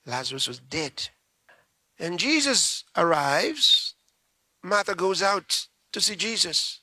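A man's voice: sits high, sing-song, takes it slowly, sharp tone, dry recording. A man preaching a sermon as dramatic storytelling, acting out the voices and asking his listeners questions.

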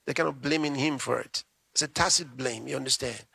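A man's voice: mid-range voice, fairly quick, gravelly, sharp tone, breathy edge, no room sound. A man preaching a sermon as dramatic storytelling, acting out the voices and asking his listeners questions.

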